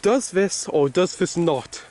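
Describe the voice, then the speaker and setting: Chatty man hosting a game video, higher-pitched voice, rambling delivery. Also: expressive, takes it slowly, darkish tone. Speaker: gaming video host. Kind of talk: casual game commentary.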